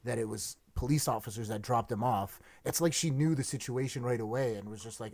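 A man's voice: medium pitch, fairly quick, hardly any pauses, a little mellow. A man with a mid-range voice interviews a guest in a casual conversation. He cuts in with blunt, indignant remarks.

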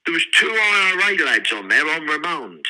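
An older man, telling profane, animated prison stories in an interview. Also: fairly high pitch, moderate pace, poor audio. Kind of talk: storytelling.

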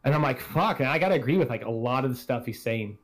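Talking at a racing clip in a medium-pitched voice, this gaming podcast host rambles along casually. He swears freely and is self-deprecating.

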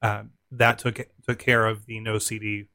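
A man's voice: fairly low pitch, little pitch movement, moderate pace, bright, forceful tone, dry recording. A man co-hosting a casual podcast, easygoing and laughing often while explaining technical setup steps. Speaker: podcast co-host.

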